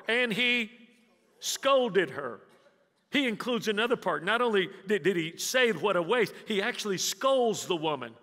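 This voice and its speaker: Bright-voiced man preaching in a reverberant church. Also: high-pitched, expressive, normal speed. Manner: dramatic storytelling, swings from loud emphasis to hushed near-whispers; engages the congregation with questions and call-and-response. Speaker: pastor. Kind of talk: sermon. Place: church sanctuary. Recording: long reverb of a church hall.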